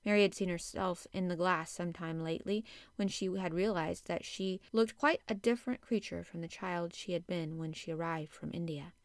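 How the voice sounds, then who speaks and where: A woman's voice: fairly low pitch, normal speed, hardly any pauses, dry recording, clean studio sound. Woman narrating a storybook. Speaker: audiobook narrator.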